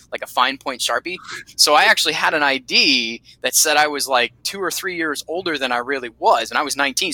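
Bright-voiced man telling profane stories. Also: mid-range voice, no room sound, poor audio. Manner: profane, animated storyteller who acts out quotes. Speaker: guest telling war stories. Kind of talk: casual storytelling.

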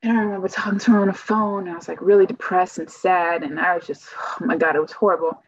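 A woman's voice: on the low side, fairly even intonation, fast, no room sound. A woman telling a personal story in casual, rambling speech, full of "like" fillers, on a slightly muffled recording. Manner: rambling, heavy use of "like" fillers. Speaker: guest telling her story.

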